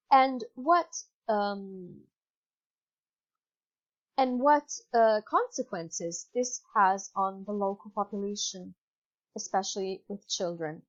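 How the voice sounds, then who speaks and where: A woman with an Italian accent giving a recorded online English lesson, patient and instructive, with fillers and self-corrections. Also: medium pitch. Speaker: English teacher. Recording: dull lo-fi computer mic.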